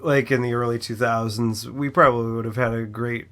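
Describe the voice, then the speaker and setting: A man's voice: medium pitch, steady tone, a little fast, fairly bright tone. A man in his thirties co-hosting a podcast in casual chat, dropping dry wisecracks. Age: 30s. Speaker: podcast co-host.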